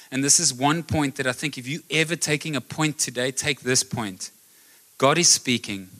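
A man preaching a live sermon, building to loud emphatic repeated lines. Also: medium pitch. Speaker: pastor. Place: church hall.

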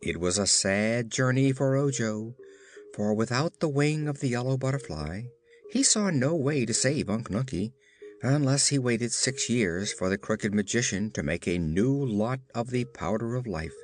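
A man doing scripted narration of a storybook in a measured, expressive way. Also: medium pitch.

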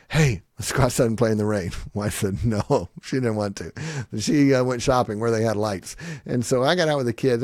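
A middle-aged man gives parenting advice in an animated, conversational way. He slips into quick voices of parents and children and laughs between points. His voice is recorded close and dry, with no room sound. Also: mid-range voice, no echo. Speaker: parenting teacher. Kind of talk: conversational teaching talk.

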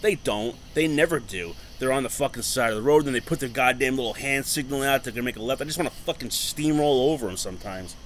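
A man in relaxed podcast chat, speaking at a middle pitch. He is blunt and quick with a joke, and he swears casually. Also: slight background noise. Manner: blunt, profane, joking.

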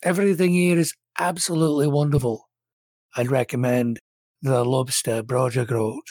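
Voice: medium pitch, fairly even intonation, a little mellow, dry recording, natural voice. A game master playing a genteel, shrewd crime boss. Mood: gracious. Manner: measured, formal, courteous menace.

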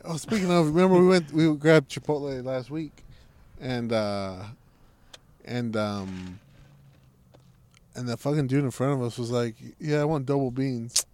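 A man's voice: mid-range voice, measured pace, pauses often, darkish tone. A young man casually telling jokey stories to a friend, cursing freely. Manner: profane, joking storyteller. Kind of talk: casual chat.

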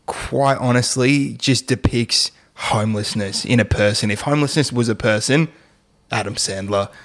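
A man rants through a laid-back podcast chat. He swears freely, mocks with quick impressions and jumps between tangents in a mid-range voice. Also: mid-range voice, fairly bright tone. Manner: swearing, ranting, mocking impressions. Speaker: podcast co-host. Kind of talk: casual banter.

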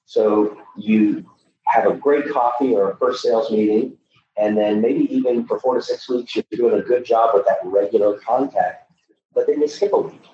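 A man's voice: on the low side, fairly even intonation, normal speed. Emphatic middle-aged male sales coach, echoey. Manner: emphatic, coaching, lots of restarts. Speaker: sales coach for loan officers. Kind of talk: podcast conversation. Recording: echoey, dull, distant mic with faint noise.

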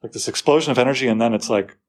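A man lecturing on a poem, lively and full of rhetorical questions to his listeners. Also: medium pitch, racing. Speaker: literature teacher.

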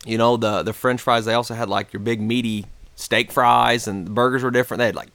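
A man's voice: medium pitch, fairly even intonation, brisk, a bit bright, no room sound. An American man in a casual podcast chat, telling a travel story in a rambling way with many fillers and restarts. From United States.

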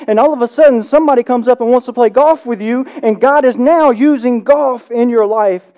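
A man preaching a sermon, reading scripture aloud and then expanding on it with animated asides. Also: very high voice, normal speed, few pauses. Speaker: pastor.

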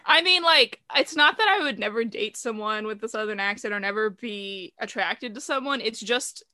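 Bright-voiced young woman podcaster, chatty. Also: a little high, normal speed, dry recording, clean studio sound. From American South. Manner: chatty, laughing, self-deprecating. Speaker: podcast co-host. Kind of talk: casual chat.

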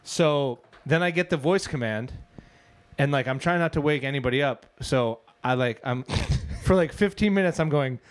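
Laughing, animated young man telling a story. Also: fairly high pitch, normal speed. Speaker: podcast co-host. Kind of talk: casual chat.

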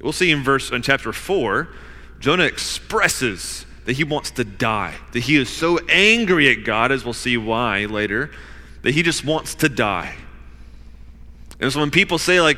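A man preaching a sermon with a bright, forceful voice that rings out in a hall with a long reverb. He acts out the people in his story, rising to loud urging and then dropping to hushed, low asides. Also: very animated, measured pace. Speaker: pastor.

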